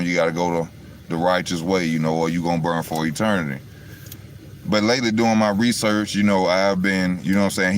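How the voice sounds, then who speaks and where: A man's voice: sits low, a little hiss or hum. Rambling man talking into his phone. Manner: rambling, storytelling, keeps saying "you know what I'm saying". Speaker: vlogger. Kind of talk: casual monologue to viewers. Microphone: phone on charge.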